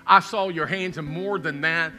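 Bright-voiced pastor making an altar call. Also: male voice, on the high side, fairly even intonation, normal speed, soft background music. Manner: pleading, repetitive questions, builds to loud calls. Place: church sanctuary.

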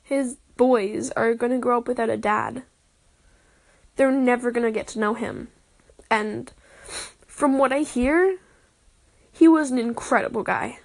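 Emotional young woman with halting speech. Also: on the high side, vocal fry. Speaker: podcaster. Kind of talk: personal audio diary.

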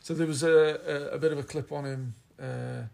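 A man's voice: on the high side, fairly even intonation, normal speed, creaky, a little mellow. A man with a Yorkshire accent co-hosting a podcast, chatting casually in a rambling, teasing way. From Yorkshire, England. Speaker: podcast co-host. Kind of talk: casual chat.

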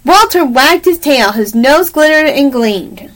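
High-voiced woman reading a picture book aloud. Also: expressive, measured pace, fairly bright tone, low-quality recording. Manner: reads steadily with sound effects and small restarts. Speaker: story reader.

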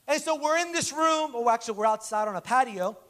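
Male preacher, unusually high voice, animated storyteller, conversational sermon. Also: quick pace. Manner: animated, acts out dialogue in stories.

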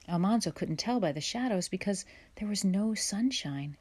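A woman reading a children's chapter book aloud in a gentle, measured storytelling way. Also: medium pitch, lively intonation, breathy edge. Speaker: audiobook reader. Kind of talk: storybook read-aloud narration.

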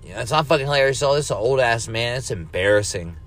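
A man rambling casually while high, laid-back and profane, coughing now and then and breaking into ranting bursts. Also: expressive, very fast, fairly bright tone. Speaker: cannabis vlogger. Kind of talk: casual stoned rambling monologue.

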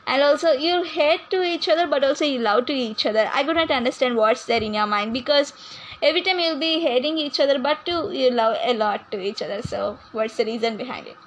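Chatty high-voiced woman podcast host. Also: animated, fairly quick, a little hiss or hum, rough recording. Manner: chatty, teasing questions. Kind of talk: comic podcast skit.

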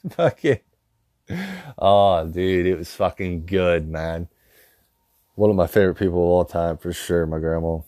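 A man with a fairly low, mellow voice tells crude, rambling stories, swearing almost every line and laughing at his own tales. Raised on a rural dairy farm, he speaks loosely and casually at normal speed with little pitch movement, in comedic storytelling captured by a dry, close recording with no room echo.

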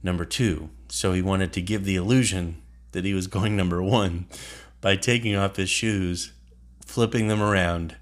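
Brief: low-voiced male teacher hosting a casual podcast, unhurried and halting. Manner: relaxed, halting, with fillers.

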